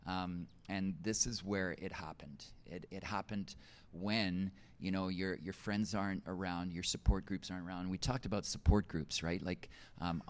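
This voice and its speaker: Middle-aged male teacher, very low voice, casual testimony full of fillers and restarts. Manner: conversational, many fillers and restarts. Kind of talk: personal testimony in an interview.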